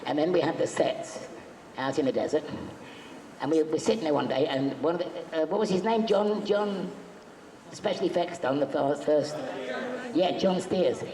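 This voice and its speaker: A man's voice: on the high side, moderate pace, a crowd in the background. Chatty man telling jokey stories in an echoey hall. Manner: jokey, chatty, acts out quotes. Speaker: convention panel guest. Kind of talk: anecdotal storytelling to a live audience. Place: convention hall. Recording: echoey hall, faint background noise.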